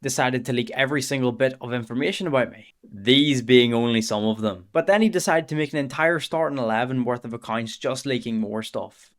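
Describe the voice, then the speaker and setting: A young man talks his way through a stream in casual commentary. He banters with his chat, swears freely and mutters quietly to himself, all in a middle-pitched voice. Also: fairly quick, hardly any pauses.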